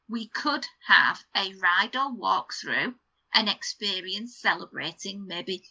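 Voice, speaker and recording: A woman's voice: mid-range voice, bright, forceful tone, highs cut off. A middle-aged woman co-hosting a podcast, chatting casually and savouring vivid details as she lists them. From United Kingdom. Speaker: podcast co-host. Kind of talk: casual chat.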